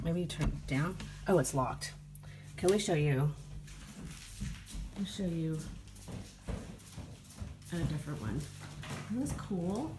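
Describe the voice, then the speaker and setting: A tired, sleep-deprived American woman vlogs casually on her phone from a small apartment, rambling through a travel story with lots of "like" and "you know." Her voice is low-pitched, and there's heavy background noise.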